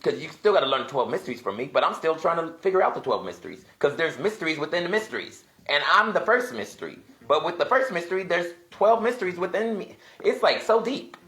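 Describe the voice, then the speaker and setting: A man gives a casual home teaching session, thinking aloud and rambling, and he turns emphatic as he goes. His voice is bright and forward. The room around him is echoey. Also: on the high side, big pitch swings, fast, few pauses. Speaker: self-styled religious teacher. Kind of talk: casual video teaching while browsing apps.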